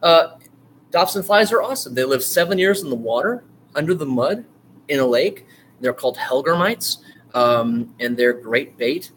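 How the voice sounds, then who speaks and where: A man teaching an online writing course in a loose, rambling way, full of fillers and restarts, now and then bursting into eager excitement. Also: medium pitch, normal speed, a little hiss or hum. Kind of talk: casual screen-share lecture.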